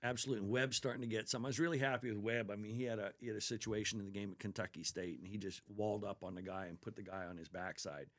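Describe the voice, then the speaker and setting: A man's voice: lowish voice, fairly even intonation, rapid-fire, few pauses, a bit bright. A man who is a basketball head coach, talking earnestly in a casual interview and telling stories about his players with enthusiasm.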